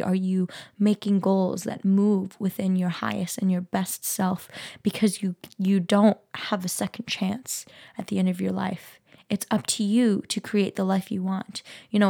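A woman's voice: mid-range voice, vocal fry, dark tone. A woman hosting a solo podcast, talking in an earnest, musing way and putting questions to the listener. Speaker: podcast host. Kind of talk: reflective solo podcast talk. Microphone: podcast microphone.

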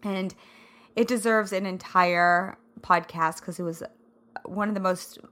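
Bright, slightly hoarse woman podcaster. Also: on the low side, fairly even intonation, a little slow. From American Midwest. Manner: bubbly and chatty, laughs often. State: slightly hoarse, scratchy throat. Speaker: podcast host. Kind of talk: casual solo podcast chat.

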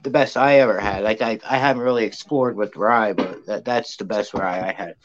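A man's voice: on the low side, fairly quick. A man hosting a casual podcast, talking in a hesitant way with stammered restarts. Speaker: podcast host. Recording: dull lo-fi podcast audio.

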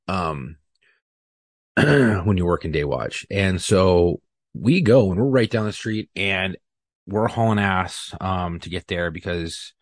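A man telling a profane, animated story on a podcast, acting out the lines people said. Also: low voice, husky, no room sound, clean studio sound. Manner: profane, animated retelling with acted-out quotes. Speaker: podcast guest. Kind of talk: casual storytelling.

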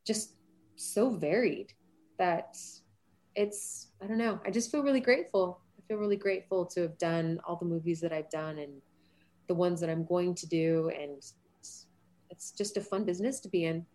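A lowish female voice at normal speed belongs to an actress in her thirties. As a guest in a casual interview chat, she tells lively stories and laughs frequently.

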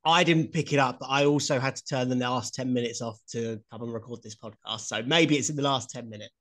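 A man's voice: mid-range voice, fairly even intonation, a little fast, fairly bright tone. A man co-hosting a podcast in casual chat, blunt, swearing freely and laughing often. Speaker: podcast co-host.

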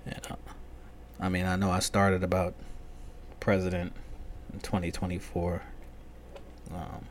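A man's voice: sits low, completely flat delivery, a little slow, slight background noise. A man hosting a casual solo podcast rant, loose, profane and rambling. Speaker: podcast host.

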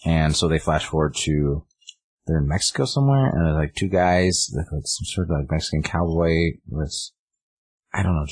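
Male co-host, low and husky, lively storyteller. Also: no room sound. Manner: animated, acts out the characters in quick bursts. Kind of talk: casual chat retelling a comic story.

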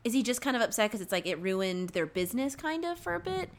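Young female podcast co-host, higher pitch, rambling and animated. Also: fast talker. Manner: animated, rambling, acts out lines. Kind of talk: casual chat about a movie.

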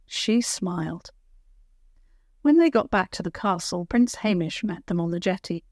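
A woman narrating a children's storybook in a gentle, clear read-aloud manner. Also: lowish voice, lively intonation, a little slow, dry recording, studio quality.

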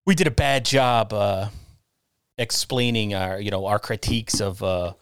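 Rambling, self-deprecating middle-aged host. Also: male voice, on the low side, measured pace, clean tone, no room sound, clean studio sound. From New York area. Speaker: podcast host. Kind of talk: casual podcast talk.

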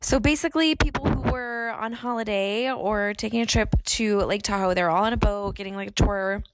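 A woman's voice: medium pitch, normal speed, no room sound. A woman co-hosting a podcast, reading out news in an upbeat, chatty way. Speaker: podcast co-host.

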